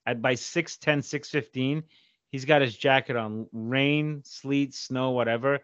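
A middle-aged man hosting a podcast, telling stories with lots of swearing and energy. His voice sits at an ordinary pitch. The sound is dry and a little dull. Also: measured pace, no echo. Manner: animated, profane storytelling. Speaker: podcast host. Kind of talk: casual chat.

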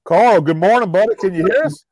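A man's voice: sits high, brisk, a little mellow, slight background noise. A man hosting a casual podcast in a folksy way, with lots of "uh" fillers, and calling his listeners guys. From Louisiana. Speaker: podcast host.

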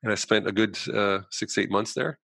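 A man, a guest in a conversation, telling a personal story in an animated way, acting out the voices of people he quotes and using lots of "you know" fillers. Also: fairly low pitch, moderate pace, vocal fry, no room sound.

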